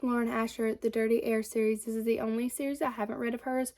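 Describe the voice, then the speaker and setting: A woman, talking books in a relaxed vlog. Her voice sits a little high, and she speaks with a chatty, eager enthusiasm, stopping now and then to correct herself. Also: fast talker. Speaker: book vlogger. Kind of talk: casual chat.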